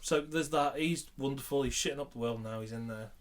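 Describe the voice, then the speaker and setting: A man's voice: medium pitch, brisk. A middle-aged man, a podcast co-host swearing and teasing his friends in casual banter.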